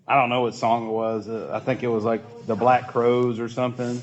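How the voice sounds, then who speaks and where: A man's voice: medium pitch, normal speed, hardly any pauses, muffled recording. A man leading a casual church youth group talk, chatty and asking the group questions.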